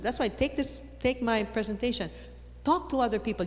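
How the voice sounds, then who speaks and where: A woman giving a lively conference talk on faith, repeating words for emphasis and rising to loud exclamations. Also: fairly high pitch, fairly quick. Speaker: conference speaker. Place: large conference hall. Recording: long hall reverb.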